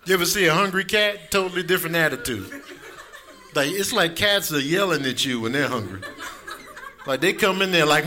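A male stand-up comedian with a high-pitched voice talks through his set in a relaxed, chuckling way. Club noise is clearly audible behind him. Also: fairly quick. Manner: laid-back, chuckling storytelling.

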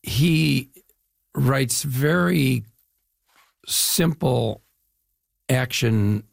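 Older man from the Chicago area, gravelly and husky, dry close sound; an eager, chatty interview guest. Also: medium pitch, lively intonation, very slow, no room sound. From Chicago area, US Midwest. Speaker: actor guest. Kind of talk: casual interview talk.

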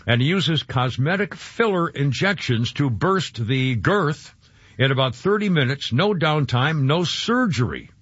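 A man's voice: fairly high pitch, lively intonation, a little slow, a bit bright, slightly rough, dry recording. A man hosting a radio show, chatting casually in a rambling, jokey way with lots of fillers and restarts. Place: radio studio. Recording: dull lo-fi radio broadcast.

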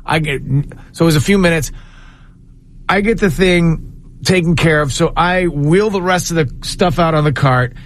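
Middle-aged guy telling a story on a talk show, highish voice, goes squeaky doing other people. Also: moderate pace, slight background noise. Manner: animated storyteller, jumps up in pitch for quoted voices. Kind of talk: casual storytelling banter.

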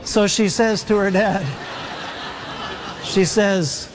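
A man's voice: high-pitched, fairly even intonation, slow pace, noisy background. A man preaching a sermon in an earnest, exhorting way. He tells stories and acts out the dialogue in them. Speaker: pastor. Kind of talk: sermon with storytelling. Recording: long reverb of a large hall.

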